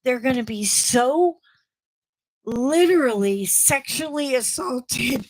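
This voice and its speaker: A woman's voice: fairly high pitch, fairly even intonation, slow, no room sound, poor audio. A middle-aged woman hosting a casual live chat with viewers, blunt and chatty, often laughing as she talks. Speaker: livestream host.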